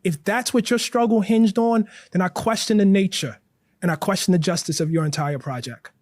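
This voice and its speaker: A man being interviewed, speaking earnestly and growing animated, with frequent "like" and "you know" fillers. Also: high-pitched, normal speed, dry recording, studio quality. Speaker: interview guest, writer. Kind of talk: impassioned interview talk.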